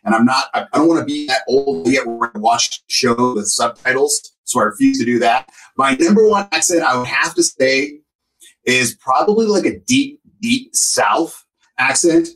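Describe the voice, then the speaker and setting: A man co-hosting a casual podcast chat, an animated and emphatic storyteller. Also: medium pitch, normal speed. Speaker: co-host. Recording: voice a bit distant from the mic.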